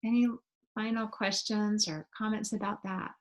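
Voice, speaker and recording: A woman gives a relaxed, explanatory webinar presentation over a computer microphone. She talks conversationally and often pauses on fillers as she works through each idea. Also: mid-range voice, a little hiss or hum. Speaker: webinar presenter on student well-being.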